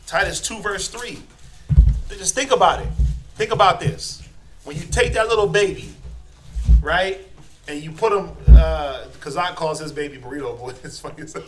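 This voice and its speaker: A man's voice: a little high, normal speed, slight background noise. A man with an American accent teaching a class in a casual, joking way, often acting out voices in quoted asides. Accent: American English.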